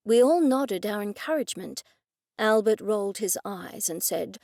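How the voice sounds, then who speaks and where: A woman narrating an audiobook in a measured storytelling way. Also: medium pitch, lively intonation, gravelly, darkish tone, no echo, studio quality. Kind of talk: scripted narration.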